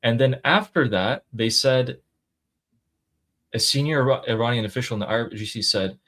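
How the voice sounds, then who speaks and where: A man's voice: medium pitch, moderate pace, a bit bright. A man hosting a casual news commentary, explaining events matter-of-factly. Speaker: host.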